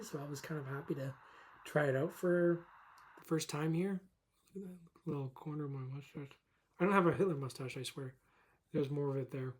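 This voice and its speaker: A young vlogger from Calgary, Canada rants casually to the camera, swearing heavily, laughing often and wandering off topic. His voice is a little high, a little mellow and husky.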